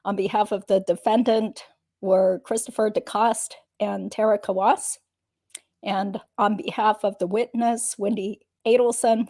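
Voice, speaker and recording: A woman's voice: medium pitch, mellow. A woman lawyer hosting a stream and reading out the details of a legal transcript in a plain, matter-of-fact way. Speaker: host and lawyer.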